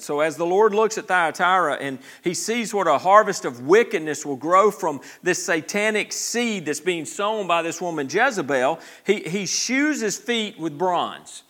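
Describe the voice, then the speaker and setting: A man's voice: high voice, sharp tone. A man preaching a sermon as pastor, talking conversationally with many restarts and asking the congregation for responses. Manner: conversational preaching with frequent restarts and repeated words.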